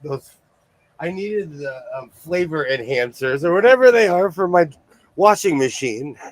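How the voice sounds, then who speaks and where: A man's voice: a little high, unhurried, dry recording. Chatty man hosting a sewing show. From New York State. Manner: rambling, animated storyteller who laughs often. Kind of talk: casual chat.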